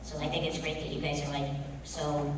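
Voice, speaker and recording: A man's voice: a little high, completely flat delivery, a little fast, a little hiss or hum. A man answering fan questions at a convention panel, joking and offhand. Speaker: guest of honour. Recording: echoey hall from far off.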